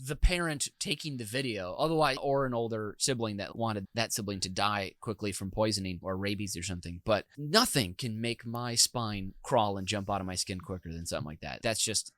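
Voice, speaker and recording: A man hosting a podcast, telling animated and profane stories in casual chat. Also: fairly low pitch, fairly quick, few pauses, no echo. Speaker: podcast host.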